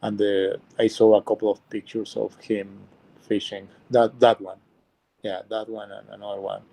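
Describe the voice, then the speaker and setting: A man answering questions in casual chat, hesitant and pausing often. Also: on the low side, little pitch movement, vocal fry, warm tone. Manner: hesitant, many pauses with uh.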